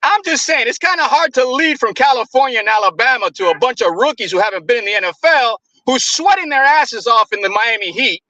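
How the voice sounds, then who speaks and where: A man's voice: very high voice, sharp tone, no room sound, highs cut off. A man co-hosting a casual sports talk show, making an earnest, argumentative case about his team. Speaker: co-host.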